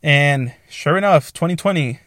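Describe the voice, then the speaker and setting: A man's voice: on the high side, normal speed, fairly bright tone, dry recording, studio quality. A young man, a military veteran, casually telling a rambling, profane story and quoting what others said.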